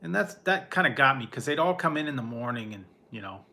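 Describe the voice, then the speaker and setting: A man's voice: mid-range voice, quick pace, gravelly, hardly any pauses, sharp tone. A man hosting a casual livestream from home, rambling and laughing often as he chats with viewers and talks to his pet. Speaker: livestream host. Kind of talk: casual chat with live chat viewers.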